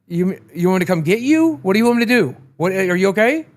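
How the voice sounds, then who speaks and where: Running short on sleep, a man co-hosting a live stream talks casually, emotionally and with plenty of profanity. His voice sits high and has a sing-song lilt, and he speaks at a quick pace.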